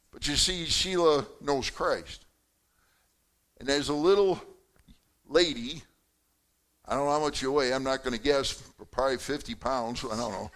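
A man's voice: medium pitch, a bit bright. A man preaching an evening church sermon, talking to his congregation by name and laughing at his own story. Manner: conversational, talks to congregation members by name. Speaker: pastor. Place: church service.

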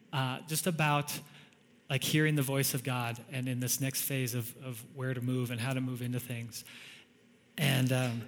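A man's voice: mid-range voice, in a large hall. A male pastor giving a conversational sermon, telling stories with frequent chuckles.

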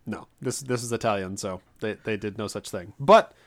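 A man's voice: on the low side, moderate pace. A man co-hosting a casual chat, telling rambling, self-deprecating stories with many restarts. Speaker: podcast co-host.

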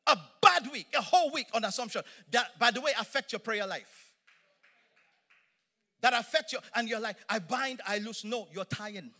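Middle-aged male preacher, high and bright tone, emphatic, lively sermon delivery. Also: normal speed. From Nigeria. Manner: animated, emphatic, playful asides.

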